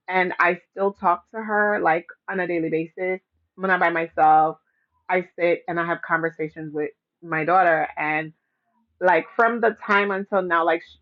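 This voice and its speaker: A woman's voice: on the low side, lo-fi sound. A woman vlogger in casual direct-to-camera talk, rambling with lots of fillers and restarts.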